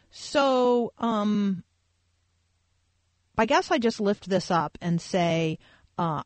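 A woman's voice: medium pitch, dry recording. A woman hosting a faith talk radio program. She comments on the news in a loose, conversational way, full of filler words and thinking aloud. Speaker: radio talk show host.

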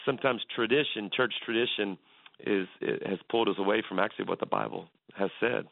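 A man's voice: lowish voice, brisk, creaky, no room sound. A man, a pastor, talking earnestly as a guest on a radio interview, telling stories with many restarts. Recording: tinny phone line, dry.

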